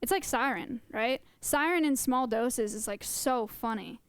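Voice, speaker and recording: A young woman chats casually and rambles on a live stream, talking close to her mic. Her voice sits a bit high and sounds smooth and clear. The sound is dry, with no room echo. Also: measured pace. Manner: chatty, rambling, laughs often. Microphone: close desk mic.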